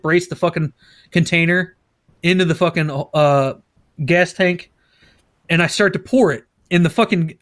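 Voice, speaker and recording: A man with a high voice hosts a casual podcast. He tells a story with a lot of swearing and bursts of laughter. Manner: profane, laughing, animated storyteller. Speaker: podcast host.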